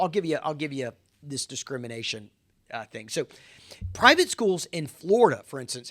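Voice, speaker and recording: Man, fired-up education commentator, high and lively voice, emphatic and repetitive. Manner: fired-up, emphatic, repeats words and says "man" and "wake up". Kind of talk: impassioned monologue to camera.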